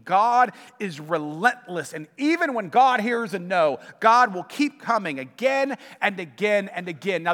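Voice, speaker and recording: High-voiced bright preacher in a reverberant church. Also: male voice. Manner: storytelling, animated and emphatic. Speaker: pastor. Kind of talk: sermon.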